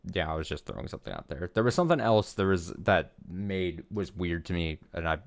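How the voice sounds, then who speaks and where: A man's voice: low voice, big pitch swings, brisk, gravelly. A man streaming, reading a visual novel aloud in a casual, rambling way. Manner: casual, rambling, with fillers and restarts.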